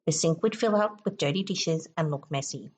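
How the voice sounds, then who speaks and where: A woman hosting a self-help podcast, explaining steps in a calm, instructive way. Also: sits low, moderate pace, slightly rough. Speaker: podcast host.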